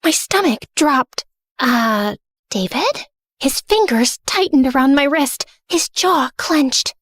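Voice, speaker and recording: A young woman narrating her own animated story in first person, sassy, dramatic and sarcastic. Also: sits high, a little slow, no echo, studio quality. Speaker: narrator and heroine.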